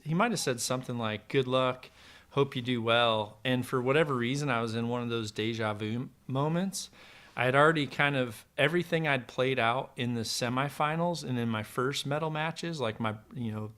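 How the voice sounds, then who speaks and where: A middle-aged man, a former pro archer, telling long relaxed stories with plenty of fillers in a casual podcast conversation. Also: medium pitch. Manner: relaxed, rambling anecdotes with many fillers.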